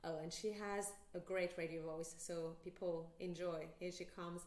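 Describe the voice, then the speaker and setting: A woman's voice: on the low side, fairly even intonation, moderate pace, darkish tone. A woman with a French and South African accent, hosting a podcast and reading a chatty introduction. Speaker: podcast host and yoga teacher. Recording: roomy echo.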